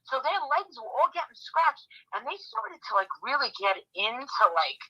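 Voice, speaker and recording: A woman tells her story in a loose, excitable chat. She is blunt and swears freely. Her voice sits fairly high, with a piercingly bright edge. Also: normal speed, slightly rough, highs cut off. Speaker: guest recounting a visit. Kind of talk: casual chat, animated storytelling.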